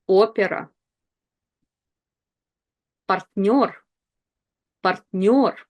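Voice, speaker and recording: A woman language teacher talks at an unhurried, measured pace. She repeats each word slowly and clearly, then explains it. Her voice sits in a middle register. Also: mid-range voice, a little mellow. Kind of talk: slow pronunciation lesson.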